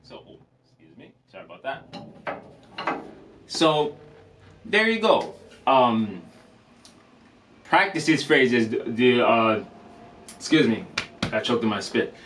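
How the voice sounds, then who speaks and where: A man's voice: mid-range voice, takes it slowly, pauses often, recorded from a distance, a little hiss or hum, rough recording. A man chats through a drum lesson for his vlog in an easy, meandering way, full of ums and restarts. His voice sits a little away from the microphone, with a faint room ambience underneath. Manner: relaxed, rambling, many fillers and restarts. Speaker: drum teacher vlogger. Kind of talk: casual instructional vlog.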